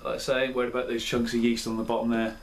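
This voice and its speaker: A man's voice: mid-range voice, monotone, very fast, a little hiss or hum. A man hosting his own beer review video, talking in a chatty, rambling and self-deprecating way. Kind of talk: casual chat. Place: indoor room at home.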